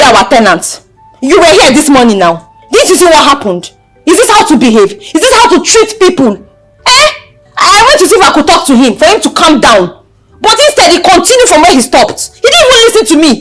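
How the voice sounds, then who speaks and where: An actress with a Nigerian accent playing a loud, preachy young woman who scolds and lectures her mother. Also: sits high, sing-song, brisk. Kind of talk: Nollywood film acting. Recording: film audio with music score.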